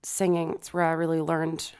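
Young woman with a gravelly voice. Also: low-pitched, completely flat delivery, normal speed, a little mellow. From Texas. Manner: easygoing, laughs often. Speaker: singer, podcast guest. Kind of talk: casual interview chat. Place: home studio.

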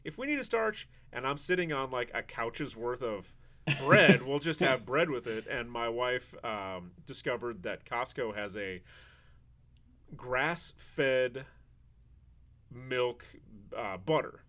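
A man hosting a podcast, chatting in a relaxed, rambling way. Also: mid-range voice, takes it slowly. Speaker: podcast host. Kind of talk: casual chat.

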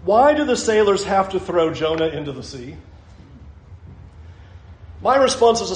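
A man's voice: high voice, sing-song, normal speed, pauses often, echoey room, slight background noise, poor audio. A man preaching a sermon as pastor, emphatic, repeating phrases and asking the listeners questions.

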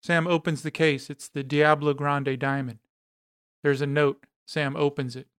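A man hosting a podcast, narrating a story in a steady, descriptive way. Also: mid-range voice, moderate pace.

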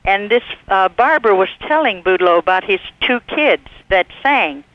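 A man telling anecdotes as an interview guest, relaxed and rambling, with pauses to search for words. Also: high-pitched, dry recording, highs cut off. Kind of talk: recalled anecdotes in conversation.

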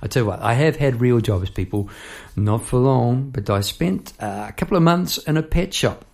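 A young man telling a story in a casual, animated way, acting out the people in it. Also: normal speed, gravelly. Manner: animated, chirps bird noises and acts out people in high voices.

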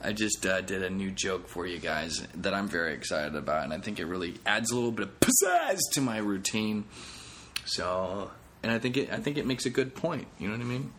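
Rambling, profane low-voiced comedian. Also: male voice, big pitch swings, fairly quick, a bit bright, a little hiss or hum. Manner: rambling and profane, with self-mocking jokes. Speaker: comedian and podcast host. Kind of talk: casual solo podcast monologue.

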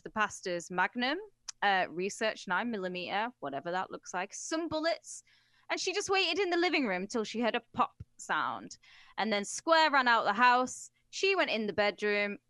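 A woman's voice: medium pitch, sharp tone, clear, resonant tone, no echo. A woman co-hosting a casual podcast chat, recounting a story with blunt, wry, crude humor. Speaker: podcast co-host recounting a case.

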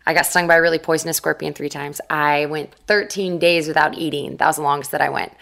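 Low-voiced young woman telling stories. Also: fast, creaky. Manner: animated, acts out quoted voices. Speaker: interview guest. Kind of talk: casual storytelling.

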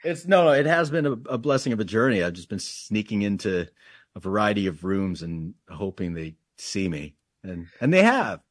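A man's voice: on the low side, normal speed, no room sound, studio quality. A man, an actor guest, chatting casually in an interview, joking about himself and laughing often. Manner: laughing, self-deprecating, animated.

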